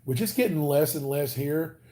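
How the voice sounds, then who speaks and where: A man with a Southern US accent talks in a loose, rambling way as he hosts a casual livestream. His voice sits a little high but stays mellow and soft-edged. He jokes around easily with viewers between their comments. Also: animated, moderate pace. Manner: rambling, joking, easygoing. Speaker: livestream host.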